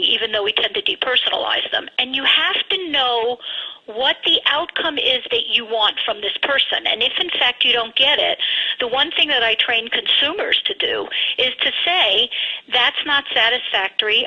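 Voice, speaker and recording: A woman with a very bright, slightly higher voice and a husky edge speaks emphatically as a radio guest. She comes through a dull, lo-fi phone line. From United States. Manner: emphatic, advice-giving, frank opinions. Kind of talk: radio interview over the phone.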